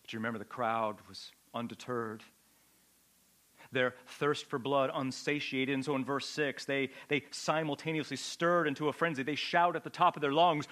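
A man preaching a sermon with a dramatic delivery, swinging from loud outbursts to a hushed, low voice. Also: steady tone, normal speed. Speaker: pastor.

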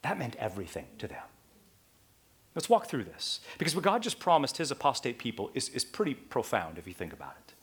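A man preaching a sermon, dropping to near-whispers and rising to fervent shouts, often asking the listeners rhetorical questions. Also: medium pitch, huge pitch swings, a little fast. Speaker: pastor.

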